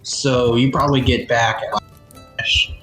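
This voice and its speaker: A man's voice: mid-range voice, steady tone, normal speed, sharp tone, soft background music. A man in casual speech, narrating a tabletop game as game master, loose and full of fillers. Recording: roomy echo.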